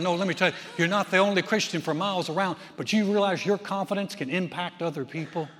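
A middle-aged man preaching a sermon in a folksy, conversational way, telling stories with lively emphasis. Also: high-pitched, fast talker, few pauses, in a large hall. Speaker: pastor.

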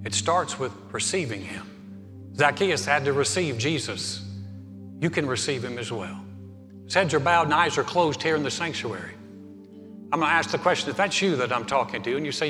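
A male pastor preaching a sermon in a church sanctuary, building to fervent emphasis and then softening into quiet prayer. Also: medium pitch, lively intonation, fairly quick. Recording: long hall reverb, faint music.

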